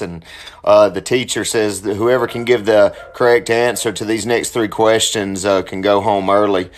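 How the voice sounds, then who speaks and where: A man with a fairly low voice tells a joke casually. He drawls along with frequent filler uhs, keeping it loose and unhurried. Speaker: joke teller.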